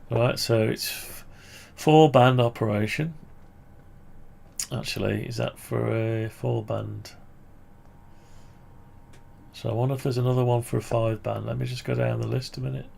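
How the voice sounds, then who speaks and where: Pausing often and speaking a little slowly, a British man with a creaky, darkish mid-range voice keeps a steady tone. He's casually screen-sharing his ham radio antenna project, thinking aloud and revising what he says, over slight background noise.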